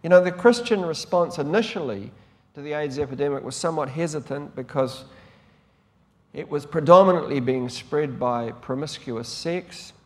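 Male NZ preacher, slightly high voice, chatty rambling sermon, long hall echo. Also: moderate pace. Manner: conversational and rambling, with frequent restarts. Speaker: pastor.

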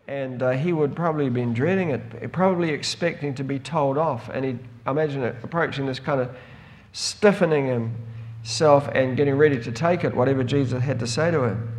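A man's voice: mid-range voice, moderate pace. Older male preacher, storytelling sermon, voice lifts with emotion. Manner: storytelling, rising with emotion in quoted dialogue.

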